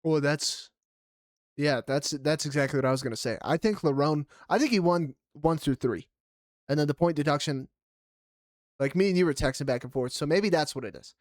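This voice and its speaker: A man co-hosting a casual fight recap podcast, animated, swearing freely and laughing loudly. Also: on the high side, normal speed, dry recording, clean studio sound. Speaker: podcast co-host.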